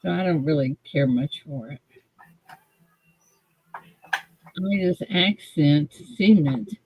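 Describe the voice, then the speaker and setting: A woman's voice: low voice, takes it slowly, darkish tone, a little hiss or hum, low-quality recording. A woman hosting a casual live show, bantering and laughing easily. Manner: laughing, playfully defensive banter. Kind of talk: casual live-stream chat.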